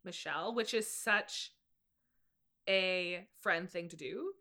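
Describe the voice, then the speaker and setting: A woman's voice: lowish voice, takes it slowly, bright, forceful tone. A woman in her late twenties, co-hosting a podcast in bubbly, rambling casual chat. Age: late 20s. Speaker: podcast co-host.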